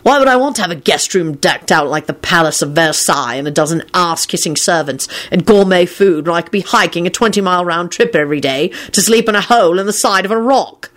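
A woman reading aloud and voicing a moody adult man who complains sarcastically and recites poetry softly. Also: fairly low pitch, lively intonation, brisk, hardly any pauses. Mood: grumbling. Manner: sarcastic grumbling, then soft tender recitation. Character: wry, moody adult male werewolf.

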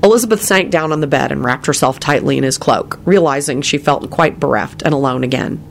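A woman reading a romantic fantasy story aloud in steady, even storytelling narration. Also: deep voice, brisk, gravelly, slight background noise. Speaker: reader. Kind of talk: audiobook narration of fan fiction.

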